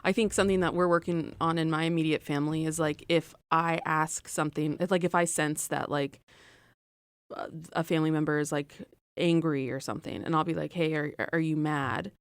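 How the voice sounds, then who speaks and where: A young woman with a notably low voice hosts a relaxed podcast chat. She talks in quick, chatty bursts. The sound is dry and close to the mic. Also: clear, resonant tone, no echo. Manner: chatty, quick asides, laughs easily. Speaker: podcast host. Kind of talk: casual chat.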